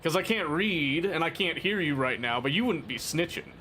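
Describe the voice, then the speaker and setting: A man's voice: on the high side, lively intonation, normal speed, sharp tone, slight background noise. A man streaming a game, chatting casually with his viewers in a playful, teasing and mock-dramatic way. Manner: rambling, talks to chat. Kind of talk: casual live-stream chat while gaming.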